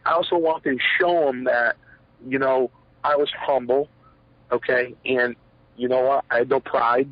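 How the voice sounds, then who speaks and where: A man's voice: medium pitch, fairly even intonation, measured pace, no echo. A middle-aged man, a former pro wrestler, telling stories in a rambling interview, full of fillers and acted-out quotes. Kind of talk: shoot interview storytelling. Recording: dull lo-fi sound, dry.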